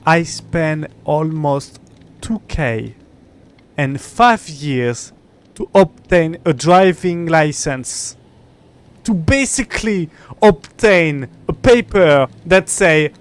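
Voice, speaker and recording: A man's voice: a little high, expressive, slow, clear, resonant tone. Frustrated young man streaming. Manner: frustrated, swearing, muttering to himself. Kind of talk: live gameplay stream chat.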